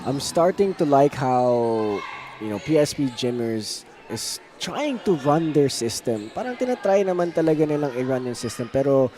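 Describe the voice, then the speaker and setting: A man's voice: medium pitch, big pitch swings, normal speed, dark tone. A man with a Filipino accent giving live analysis of a basketball game, mixing English and Filipino. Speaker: color commentator. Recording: noisy arena broadcast.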